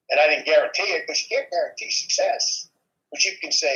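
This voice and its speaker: A man's voice: a little high, quick pace, sharp tone. A man with a faded New York accent, telling business stories in a casual chat, often checking in with "okay?" and "right?". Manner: storytelling, repeats words, asks "okay?". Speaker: guest. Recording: dull lo-fi sound.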